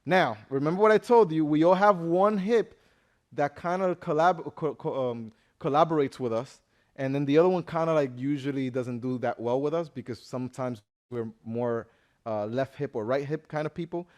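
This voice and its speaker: A man's voice: a little high, moderate pace, darkish tone. A man teaching a live dance class, upbeat and counting steps aloud in English and Spanish. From Dominican Republic. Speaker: dance instructor. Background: merengue music playing.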